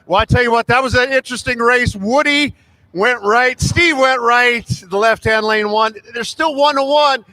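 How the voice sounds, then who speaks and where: A man co-hosting race coverage, loud, jokey and energetic in casual banter. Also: very high-pitched, moderate pace, dry recording. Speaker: co-host.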